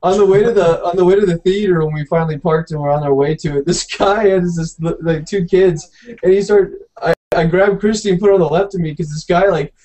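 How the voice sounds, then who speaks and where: A man's voice: high voice, a little fast, poor audio. A man telling a rambling story in casual podcast chat, acting out what people said. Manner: rambling, animated, acts out quotes. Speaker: podcast co-host.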